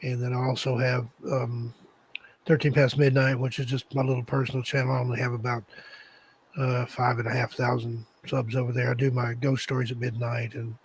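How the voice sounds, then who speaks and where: A man, a guest author, talking casually in an easygoing way with frequent pauses. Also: medium pitch, little pitch movement, slight background noise, rough recording. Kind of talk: casual interview talk.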